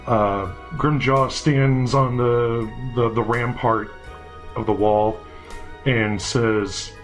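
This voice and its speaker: A male game master narrating a tabletop game in a loose, casual way, swearing freely and rambling through his asides. His pitch is ordinary for a man, with faint music behind him. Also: steady tone, drawn-out words.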